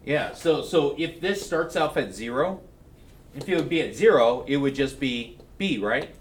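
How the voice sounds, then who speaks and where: A man's voice: mid-range voice, expressive, normal speed, far from the mic, slight background noise. A male math teacher giving a classroom lecture, checking in with his students and joking between steps. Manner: keeps checking in with "right?", joking asides.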